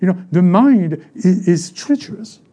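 A man with a French accent preaching a sermon as a pastor, animated and acting out other people's voices. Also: high voice, unhurried, slightly rough. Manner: animated, acts out voices of church members.

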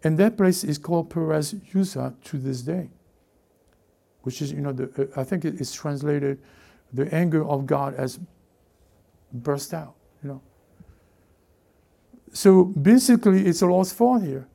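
A male pastor delivers a lively sermon in a mellow, gravelly voice pitched a little high. He acts out the voices he quotes and often restarts his sentences as he preaches. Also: moderate pace, pauses often.

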